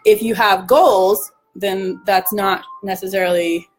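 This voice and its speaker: Hoarse young woman coach, chatty live q&a, faint music behind. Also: medium pitch, fairly even intonation, slow pace, low-quality recording. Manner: chatty, acts out dieters' self-talk in quoted lines. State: hoarse, voice still rough. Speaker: nutrition coach. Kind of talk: casual live-stream Q&A chat.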